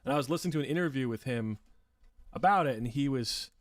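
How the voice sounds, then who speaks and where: A man's voice: medium pitch, animated, fast talker, dry recording, studio quality, distant mic. A man hosting a casual livestream, reading viewer comments and rambling in a self-deprecating way, laughing often and swearing. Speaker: livestream host.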